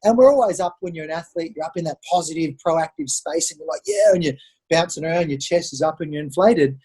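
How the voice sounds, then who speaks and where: Husky Australian man telling stories. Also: a little high, quick pace. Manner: animated storyteller who acts out quoted voices. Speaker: podcast guest. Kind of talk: conversational interview storytelling.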